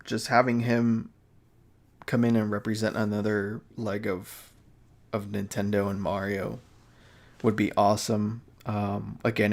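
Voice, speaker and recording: A tired young man chatting casually on a live stream, rambling with many fillers, restarts and laughs. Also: on the low side. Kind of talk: casual chat.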